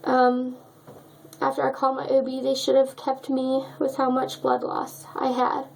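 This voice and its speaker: A woman's voice: sits high, monotone, normal speed, vocal fry, poor audio. A young woman telling a personal story in a vlog, emotional and choked up as she talks. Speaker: vlogger.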